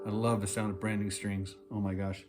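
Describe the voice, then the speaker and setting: A man with a relaxed, folksy, enthusiastic manner, chatting casually through a workshop demo of a guitar he built. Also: lowish voice, fairly quick. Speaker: cigar box guitar builder. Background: guitar playing.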